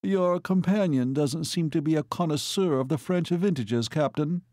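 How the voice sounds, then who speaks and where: A man's voice: mid-range voice, unhurried, darkish tone, dry recording, studio quality, pitched above the performer's own voice, natural voice. A man reading an audiobook, voicing a dour upper-class officer who speaks dryly and condescendingly.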